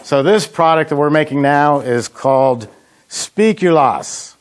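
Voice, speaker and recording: A man's voice: on the high side, expressive, measured pace. A middle-aged man casually demonstrating frozen dessert recipes in a kitchen, telling folksy anecdotes with plenty of fillers. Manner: folksy storyteller, chatty with frequent uh fillers. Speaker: ice cream machine company head demonstrating recipes.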